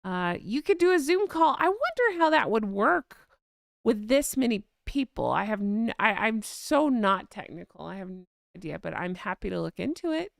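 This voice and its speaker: A woman's voice: a little high, very animated, moderate pace, gravelly, dry recording, studio quality. A woman hosting a casual live-stream chat, reading out viewer comments in a chatty, gushing way and laughing often.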